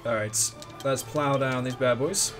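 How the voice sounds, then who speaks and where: A man giving casual gameplay commentary as the host of a let's play, rambling and excitable, often restarting his sentences and humming along. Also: medium pitch, a little slow, music in the background.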